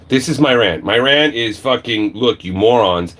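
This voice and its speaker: A man ranting on a livestream, swearing a lot and swinging between shouting and low muttering. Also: expressive, moderate pace, hardly any pauses. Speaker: livestream vlogger. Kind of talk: angry profane rant.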